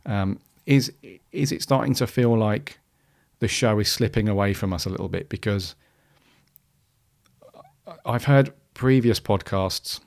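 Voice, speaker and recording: A man's voice: lowish voice, a little slow, creaky, a little mellow. A man hosting a podcast, talking casually and rambling with many restarts and fillers. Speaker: podcast host.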